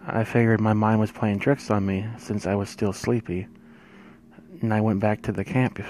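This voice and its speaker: A man telling a first-person horror story, hushed and suspenseful, with drawn-out pauses. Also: lowish voice.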